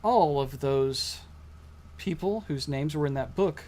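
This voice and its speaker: A man voicing a demon disguised as a nobleman, speaking in a sly, measured way. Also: a little high, darkish tone.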